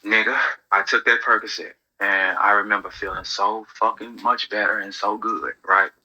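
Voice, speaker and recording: A man hosting casual commentary, telling stories in an animated, profane way. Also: lowish voice, moderate pace, slightly rough, rough recording. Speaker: host.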